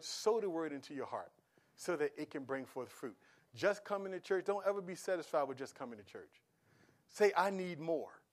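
A man preaching a sermon in a casual, animated way, swinging from soft asides to loud exclamations. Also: on the high side. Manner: casual conversational with laughs. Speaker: pastor.

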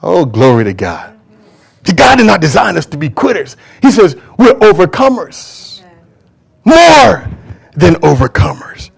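High-voiced emphatic preacher man. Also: huge pitch swings, measured pace, creaky, breathy edge. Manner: emphatic preaching with call-and-response. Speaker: pastor. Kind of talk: sermon. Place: church before a congregation.

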